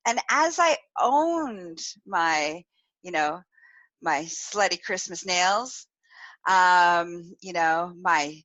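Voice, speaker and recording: A woman's voice: on the low side, extremely slow, lo-fi sound. A woman hosting a live podcast, telling a story with lots of laughter and acted-out quoted voices. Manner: animated, laughs often, acts out quoted voices. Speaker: podcast host. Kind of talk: live-streamed storytelling chat.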